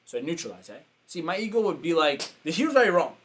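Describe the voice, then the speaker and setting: A man, a business coach, telling a story casually and acting out the quotes with sudden jumps in pitch. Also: sing-song, quick pace, fairly bright tone, slight background noise.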